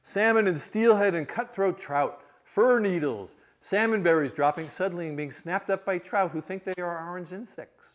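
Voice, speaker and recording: A man reading aloud as a talking river, listing what flows through it in a slow, rolling way. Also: high voice, voice pushed up, natural voice. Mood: musing. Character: ancient talking river, calm and teeming.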